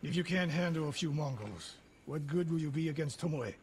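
A man's voice: a little high, expressive, a little fast, a little mellow, slight background noise. An actor playing a stern older male archery sensei in a video game, speaking in a testing, commanding manner. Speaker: game character.

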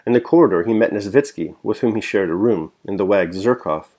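A man with a low voice reads a classic novel aloud in a measured, steady way. Afterward he turns to his own reflection on the chapter, still calm and even. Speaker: reader and host.

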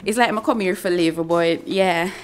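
A woman chatting casually in a travel vlog. She sounds husky and tired after just waking up. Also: lowish voice, moderate pace, a little hiss or hum. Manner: chatty, shows items to camera. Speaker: vlogger.

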